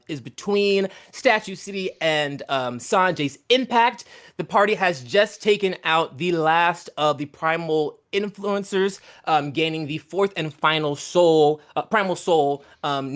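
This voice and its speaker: A man's voice: fairly high pitch, a bit bright. Man, game master, casual storytelling, hesitant ums, tabletop session. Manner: casual, full of ums and uhs.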